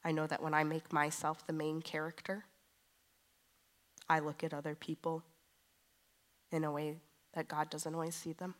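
A woman in her thirties preaching a sermon in a conversational way, moving from quiet confession to emphatic declaration. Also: deep voice, monotone, normal speed, long pauses.

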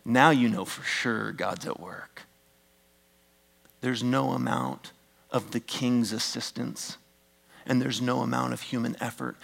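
A middle-aged male pastor preaching a sermon, animated and joking with the congregation, swinging from loud emphatic bursts down to hushed near-whispers. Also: medium pitch, measured pace, creaky.

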